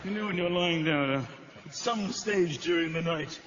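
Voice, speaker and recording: A man doing stand-up comedy on a theater stage, telling self-mocking stories in an animated way. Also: a little high, normal speed. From England. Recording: echoey live theater, dull, noisy.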